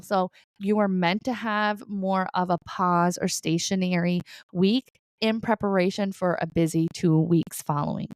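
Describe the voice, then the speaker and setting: A woman's voice: medium pitch, clean tone, dry recording. A middle-aged woman, a psychic medium, talking viewers through weekly guidance in a reassuring, chatty way, often checking in with "okay?" and "right?". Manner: laughs lightly between points. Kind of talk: casual spiritual guidance talk to viewers.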